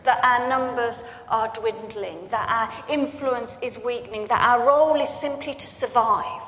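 A woman's voice: a little high, a little slow, fairly bright tone. A woman preacher giving a sermon, telling a story earnestly and repeating phrases for emphasis. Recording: echoey hall with faint ambience.

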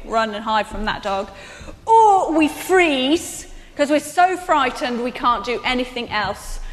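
A woman preacher giving a sermon in animated storytelling, turning soft and earnest at key points. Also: a little high, big-room sound.

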